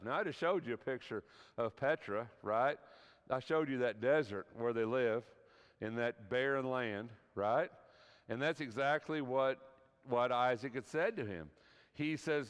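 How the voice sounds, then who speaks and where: A man's voice: mid-range voice, lively intonation, measured pace. A man teaching an evening Bible class at a church, talking conversationally and often checking in with his listeners. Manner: conversational, keeps checking in with "right?". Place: church hall. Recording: long hall reverb.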